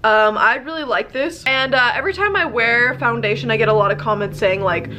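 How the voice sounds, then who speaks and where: A woman's voice: on the high side, fairly quick, bright, forceful tone. Nasal young woman with a cold. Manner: chatty, rambling, self-deprecating. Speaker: beauty vlogger. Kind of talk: casual get-ready-with-me chat.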